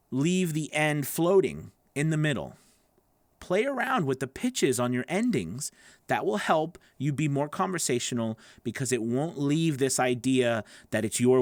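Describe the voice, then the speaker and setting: Animated man teaching with a lively voice. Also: no echo. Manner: animated, wide-ranging pitch, shifts speed and volume for emphasis. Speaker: voice acting coach. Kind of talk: instructional talk to camera.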